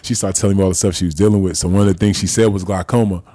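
A man telling a story as a guest in casual chat, fast and slangy, animated. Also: deep voice, no echo.

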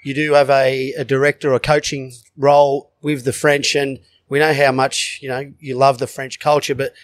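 A man's voice: mid-range voice, little pitch movement, moderate pace, no echo, studio quality. An Australian man hosting a casual sports chat, talkative and joking, quizzing a guest. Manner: chatty, jokey quizmaster. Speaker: podcast host.

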